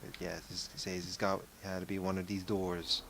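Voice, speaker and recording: A man's voice: deep voice, monotone, moderate pace, creaky, a bit bright, a little hiss or hum. Rambling young man narrating a game. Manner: rambling, self-correcting. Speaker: let's play gamer. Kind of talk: casual gameplay commentary.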